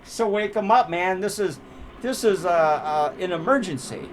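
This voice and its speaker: A man's voice: sits high, normal speed, a little hiss or hum. A man reviewing an old movie in a casual, profane, rambling way, laughing often.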